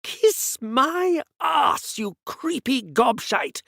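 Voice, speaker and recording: A man voicing a crude, defiant older woman who yells insults while possessed. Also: very high-pitched, expressive, very slow, creaky, dry recording, clean studio sound, pitched above the performer's own voice, full character voice.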